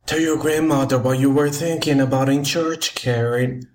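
A man's voice: medium pitch, steady tone, normal speed, a little mellow, close to an everyday voice. A man playing a prying neighbor who makes pointed hints. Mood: insinuating. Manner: pointed, insinuating. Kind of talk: amateur play reading.

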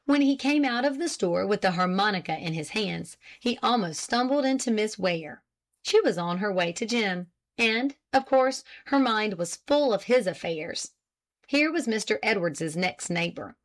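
A woman reading an old novel aloud in steady, measured audiobook narration. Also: mid-range voice.

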